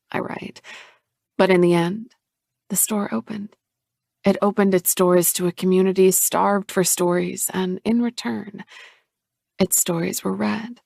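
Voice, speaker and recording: A woman narrates a romance audiobook in the first person, in a reflective way. Her middle-pitched voice has a gravelly edge. The recording is dry and close. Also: a little mellow, no echo.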